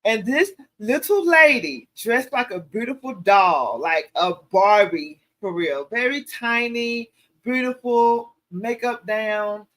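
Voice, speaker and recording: A woman hosting a casual livestream Q&A, telling stories in an animated, preachy way and calling her viewers y'all. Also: a little high, takes it slowly. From American South. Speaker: show host.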